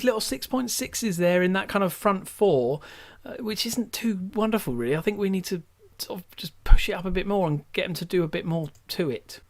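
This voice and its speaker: Excitable young-sounding man commentating gameplay. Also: on the high side, background noise. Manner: chatty, rambling, breaks into excited shouts at near-goals. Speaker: let's play host. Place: at home at a desk.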